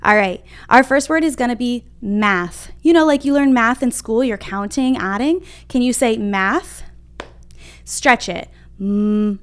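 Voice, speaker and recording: A young woman teaching a livestreamed phonics lesson to small children, her voice smooth, resonant and a little high. She sounds out letters slowly and clearly and keeps cheering the children on. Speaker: kindergarten reading teacher. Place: home room at a whiteboard.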